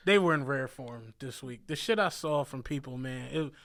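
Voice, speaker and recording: A man from Philadelphia who drives a bus, telling animated, laughing stories on a casual podcast. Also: mid-range voice, moderate pace. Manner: animated, laughing anecdotes with voiced asides. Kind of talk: casual storytelling chat.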